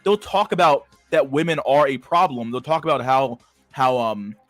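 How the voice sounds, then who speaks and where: A young man hosting a livestream, ranting casually with heavy swearing and loud bursts of laughter. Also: medium pitch, normal speed, no room sound, soft background music. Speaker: livestream host.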